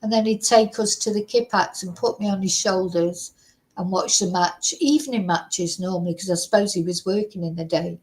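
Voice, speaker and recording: A woman's voice: medium pitch, moderate pace, darkish tone, low-quality recording. A middle-aged woman with a Mancunian accent tells stories in a loose, chatty way. She wanders between thoughts, leaning on fillers and little laughs. Her voice sits in an ordinary middle range for a woman. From Manchester, England. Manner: rambling, chatty storyteller with frequent fillers and laughs. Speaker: vlogger. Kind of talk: casual chat.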